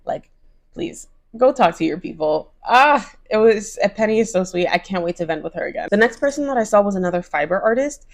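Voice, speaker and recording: A young woman chats casually to camera in her crochet vlog, her medium-pitched voice brisk and full of lively intonation. She gushes, peppering her talk with "like" and "oh my gosh." When quoting others, she slips into bright put-on voices.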